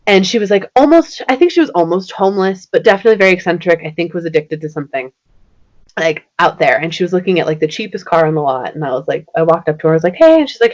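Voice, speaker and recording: A woman's voice: on the low side, animated, fast. A woman in her thirties, a podcast guest, telling a personal story in casual, chatty speech full of "like" and acting out the lines of people in it. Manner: chatty, many "like" fillers, acts out quoted dialogue.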